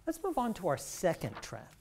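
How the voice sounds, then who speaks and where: A woman's voice: on the low side, huge pitch swings, moderate pace, creaky, a little mellow, a little hiss or hum. A woman professor giving an earnest talk, explaining her research with some restarts. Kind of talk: scripted talk on couples' health.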